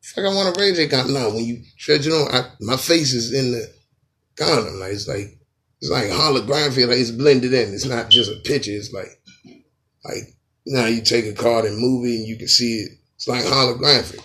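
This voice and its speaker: Animated, profane man telling a funny story. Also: medium pitch, normal speed. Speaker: podcast host. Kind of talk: comedic storytelling.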